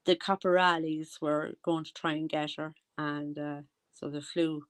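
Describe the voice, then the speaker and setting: A chatty Irish woman talking in a fairly low voice. She rambles through casual commentary, trailing off and circling back when she loses her thread. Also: flat delivery, measured pace. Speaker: commentary vlogger.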